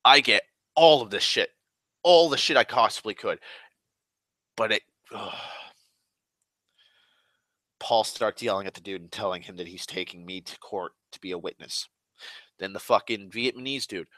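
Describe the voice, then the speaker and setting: A man's voice: fairly low pitch, expressive, bright, forceful tone, dry recording, clean studio sound. Furious profane man ranting. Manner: angry, heavily profane ranting; dramatic pauses and repetition. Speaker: online ranter. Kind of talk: casual storytelling rant.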